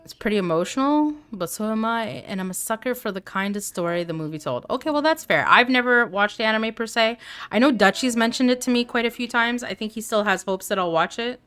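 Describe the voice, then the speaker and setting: Streaming a game live, this woman talks in a slightly high, animated voice at a slightly fast pace. Her tone is clean and fairly bright as she chats easily with her audience, reads their comments out loud, and tosses in playful side remarks.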